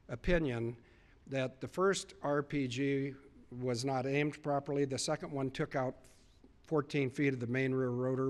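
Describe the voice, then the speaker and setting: A man speaking to a live audience, earnestly retelling conversations with emphatic repetition. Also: medium pitch. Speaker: public speaker. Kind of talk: storytelling speech to a live audience.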